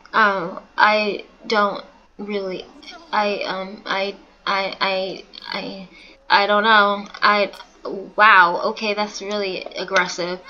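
A woman's voice: medium pitch, pushed and bright, lo-fi sound. A young woman giving casual, giggly commentary over a life-sim game, reacting with stammers and exclamations. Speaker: gaming YouTuber.

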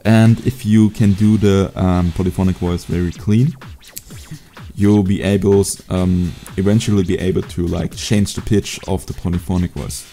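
A young man teaching a beatbox sound in a casual home video tutorial, relaxed and hesitant, with many fillers. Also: sits low, moderate pace, soft background music. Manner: laid-back, hesitant with fillers. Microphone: USB desk mic.

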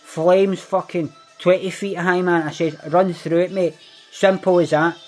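A man performs a scripted comic monologue as a swaggering young Glasgow ned, his Glaswegian accent carrying boastful, profanity-heavy storytelling. His high voice barely shifts in pitch, and he speaks a little slowly with a slightly mellow sound as faint music plays behind.

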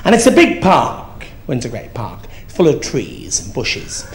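A man's voice: medium pitch, huge pitch swings, a little slow, slight background noise. A man playing a crude, gossiping old granny in a live stand-up act, camp and swearing freely. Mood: gossipy. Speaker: drag comedian. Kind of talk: live stand-up comedy in character. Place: theatre stage before an audience.

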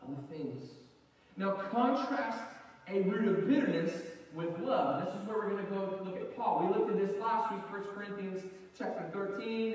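A man preaching a sermon to a church congregation, telling a personal story in a chatty way and acting out the voices in it. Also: sits high. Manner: conversational, animated, acts out quoted voices. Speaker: pastor. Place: church sanctuary. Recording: roomy hall sound, mic at a distance.

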